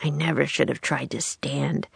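A woman's voice: deep voice, steady tone, normal speed, gravelly, breathy edge, no echo, exaggerated voice. A woman reading the lines of a sulky, cross young boy in a storybook, with a sullen, muttering manner.

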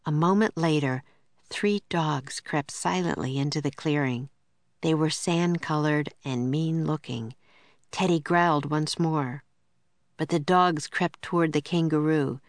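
A woman reading a children's book aloud in a clear, steady storytelling voice. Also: deep voice, unhurried, no echo. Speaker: narrator.

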